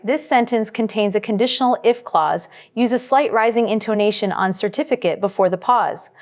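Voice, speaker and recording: A scripted test-prep lesson is narrated by a woman acting as instructor, recorded as a studio voice-over. Her pitch is medium and her delivery steady and instructive.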